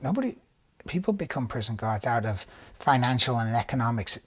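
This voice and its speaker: A man working as a prison guard, telling stories from the job in a restless, animated way full of asides. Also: mid-range voice, a little fast, soft background music. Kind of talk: storytelling monologue.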